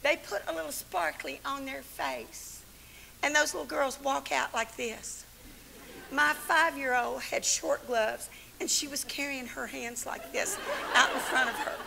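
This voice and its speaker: Older woman preaching, high and bright. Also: unhurried, creaky, slight background noise. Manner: animated, folksy storytelling with laughs. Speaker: Bible study teacher and speaker. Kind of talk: sermon to a women's gathering. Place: church.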